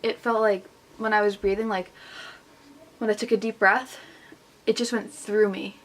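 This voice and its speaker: A woman's voice: mid-range voice, level tone, moderate pace. A young woman casually telling a personal story to camera as a vlogger, chatty and full of "like", quoting what others said. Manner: chatty, heavy use of "like", retelling with quoted voices.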